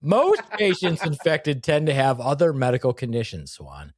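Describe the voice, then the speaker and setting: A man's voice: mid-range voice, huge pitch swings, normal speed, no room sound. A man co-hosting a podcast, a nurse explaining things in a jokey, mock-dramatic way. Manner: jokey, mock-dramatic, hammy segment announcements. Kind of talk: casual comedic chat.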